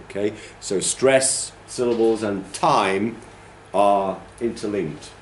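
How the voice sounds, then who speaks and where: Man, teacher trainer, classroom lecture, demonstrates stress aloud, lowish voice, faint room hum. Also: slow, reverberant. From United Kingdom.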